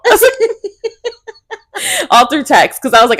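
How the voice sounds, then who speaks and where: A woman's voice: on the high side, very animated, normal speed, long pauses. A young woman co-hosting a podcast, telling a story in casual chat and laughing often as she talks. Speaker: podcast co-host.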